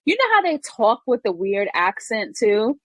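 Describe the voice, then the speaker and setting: Animated New York woman. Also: on the high side, unhurried, dry recording. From New York, the Bronx. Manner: animated, playful, slangy. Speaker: podcast co-host. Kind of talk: casual chat.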